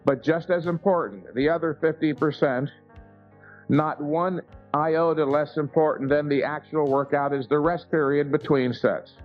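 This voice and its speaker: A man's voice: on the high side, normal speed. A man giving a live seminar lecture to an audience, emphatic and full of rhetorical questions, recorded on a lo-fi tape of a seminar room. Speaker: seminar speaker. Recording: dull lo-fi 1990s seminar tape with faint music.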